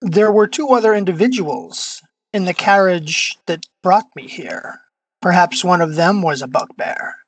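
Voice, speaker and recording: A player answers in character, measured and hesitant, choosing evasive words. The voice is mid-pitched and dry with no room sound. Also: no room sound, poor audio. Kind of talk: in-character tabletop role-play.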